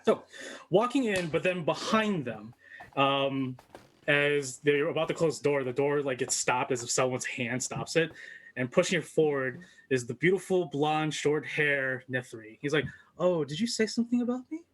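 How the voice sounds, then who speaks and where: A man's voice: fairly high pitch, fairly bright tone. Man narrating as game master. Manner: halting, filler-heavy narration.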